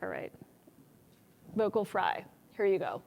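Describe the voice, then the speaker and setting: A woman presenting a workshop on public speaking, energetic and acting out examples of good and bad delivery. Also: mid-range voice, measured pace, gravelly, muffled recording, slight background noise. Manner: energetic, demonstrates examples in changed voices. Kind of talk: teaching a conference workshop.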